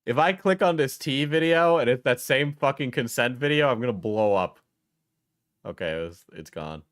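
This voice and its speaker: A man's voice: medium pitch, expressive, moderate pace, fairly bright tone, dry recording. Blunt, rambling man in dry sound. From New England. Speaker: streamer reacting to videos. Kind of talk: casual reaction commentary.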